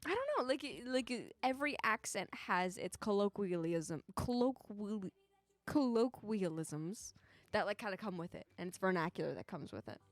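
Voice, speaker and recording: A woman's voice: mid-range voice, animated, moderate pace, no echo. A young woman co-hosting a casual live stream, chatting playfully and giggling, close to the mic. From United States. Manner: playful, giggly, puts on goofy accents. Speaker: streamer co-host. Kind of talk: casual chat.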